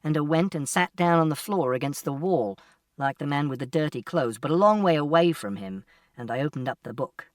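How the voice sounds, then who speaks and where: Man narrating with a lively, varied pitch. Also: fairly quick, no room sound. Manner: plain, literal, step-by-step telling. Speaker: audiobook narrator. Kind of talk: first-person audiobook narration. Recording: distant mic, dry sound.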